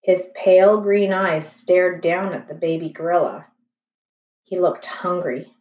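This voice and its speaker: A woman reading a children's chapter book aloud in a slow, gentle, expressive way. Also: lowish voice. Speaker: storybook reader. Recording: echoey room, distant, slightly dull.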